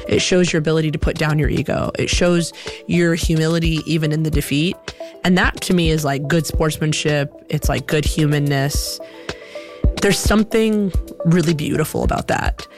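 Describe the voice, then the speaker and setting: A woman telling a personal story in an animated, reflective way, with many "like" fillers. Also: deep voice, moderate pace. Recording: music playing behind.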